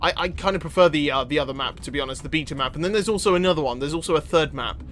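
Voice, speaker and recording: A young man giving excitable gameplay commentary, often yelling and laughing. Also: on the high side, racing, a little hiss or hum. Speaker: gaming video host.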